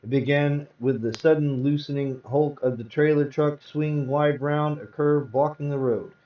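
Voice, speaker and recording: At a virtual-world live event, a man hosts a show and reads comic book tales aloud with dramatic storytelling. His voice is on the high side, steady in tone, and moderately paced. The recording sounds roomy, distant and dull.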